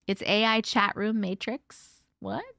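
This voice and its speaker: A woman's voice: medium pitch, a little slow, creaky, a bit bright, no room sound, studio quality. A woman hosting a casual live-stream chat, talking loosely, swearing and laughing often, her voice a little worn. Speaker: host.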